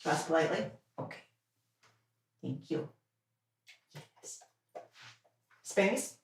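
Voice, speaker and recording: A woman's voice: deep voice, expressive, slow pace, a little hiss or hum. A young woman hosting a stream from home, chatting casually and giving playful, coaxing commands to her dog. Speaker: livestream host. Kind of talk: casual chat while training a dog.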